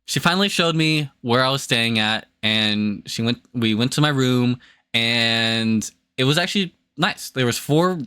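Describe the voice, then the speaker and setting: A young man chatting casually on a livestream, rambling and excitable with many restarts. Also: medium pitch, unhurried, smooth. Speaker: streamer.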